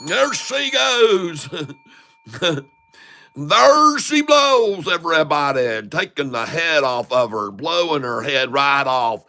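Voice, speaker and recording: A man's voice: on the high side, sing-song, takes it slowly, sharp tone, exaggerated voice. A man putting on a gleeful, rowdy country redneck character, drawling and hollering folksy exclamations while he trades.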